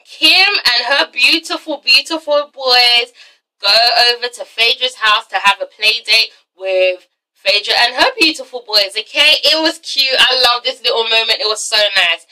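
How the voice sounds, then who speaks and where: A woman's voice: on the high side, normal speed, pushed and bright, far from the mic, rough recording. A young woman giving a blunt, swear-filled casual commentary review, often tagging her points with "okay?". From England. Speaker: reality TV reviewer.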